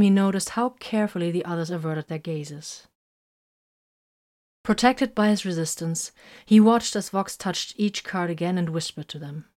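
A woman narrating a story in a steady, measured reading. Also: medium pitch. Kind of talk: audiobook narration of fan fiction.

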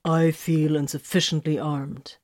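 A woman's voice: deep voice, little pitch movement, measured pace, a little mellow, no room sound, studio quality. A woman reading the part of a sarcastic male space warrior with an ironic edge.

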